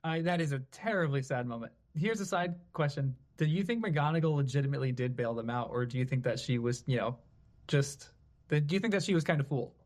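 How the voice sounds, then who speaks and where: A man's voice: medium pitch, expressive, fast talker, a little mellow. A man guesting on a podcast, discussing a book with emphatic, exasperated remarks. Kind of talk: casual book-discussion chat.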